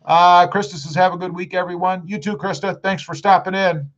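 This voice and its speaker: A relaxed man chats through viewer comments on a live stream, drawling and dropping "uh" between lines. His voice sits a little high, and the stream audio sounds dull and lo-fi. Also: brisk. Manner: easygoing, drawling, frequent "uh" fillers. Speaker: YouTube live-stream host. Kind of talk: casual live chat, reading viewer comments aloud.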